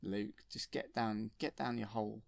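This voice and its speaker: A man's voice: on the low side, level tone, moderate pace, gravelly, dry recording. A man putting on a mocking gangster slug boss.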